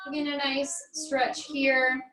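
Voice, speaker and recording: An American woman, a fitness instructor, calmly guiding a barre stretching class with encouraging cues and light jokes. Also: high voice, slow pace, echoey room, recorded from a distance, rough recording.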